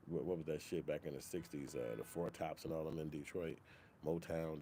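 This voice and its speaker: Male host with a deep voice, casual and profane, animated opinion talk with a faint hiss. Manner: profane, animated, slips into mock quoted voices. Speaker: commentary channel host.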